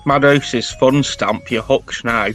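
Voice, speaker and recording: A man's voice: mid-range voice, unhurried, a bit bright, soft background music, close to an everyday voice. A man voicing an eager, insistent little dragon who keeps pushing a phone game. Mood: smug. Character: pushy tiny dragon, eager game promoter. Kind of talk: comedy podcast sketch.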